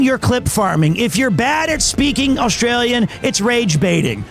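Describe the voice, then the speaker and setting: A man streaming live tells a rambling story in casual chat and acts out each quote. His voice sits fairly high. Soft music plays faintly in the background. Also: very animated, unhurried, gravelly.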